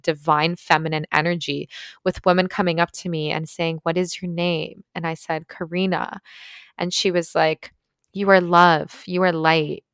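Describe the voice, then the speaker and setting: A woman's voice: low voice, fairly bright tone, clear, resonant tone, no echo, studio quality. A young woman earnestly recounting a personal experience in a casual, heartfelt way, with many "like"s and "right?"s. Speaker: vlogger recounting a retreat experience. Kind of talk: casual storytelling monologue.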